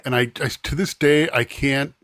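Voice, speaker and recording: A man co-hosting a talk show, speaking in a hesitant and halting way, unsure of himself. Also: medium pitch, steady tone, fairly bright tone, dry recording. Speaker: co-host. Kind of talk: casual chat.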